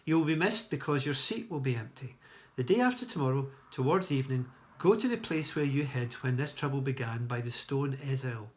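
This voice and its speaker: A man's voice: mid-range voice, lively intonation, brisk, a little mellow, natural voice. An earnest young prince , read by a man in nearly his own voice, laying out a plan to a friend carefully and step by step.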